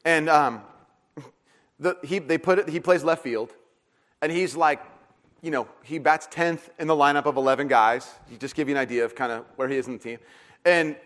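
A fairly high-pitched man speaking at normal speed: a middle-aged pastor giving a sermon full of self-deprecating anecdotes, which he retells with animation and acted-out voices. A long hall reverb colors the recording.

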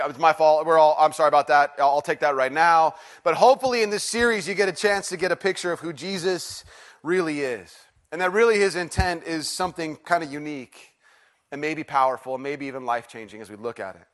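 A man's voice: high-pitched, fairly bright tone. A man preaching a sermon to a live congregation, casual and joking, asking for hands and call-and-response. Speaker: pastor. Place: church sanctuary with congregation.

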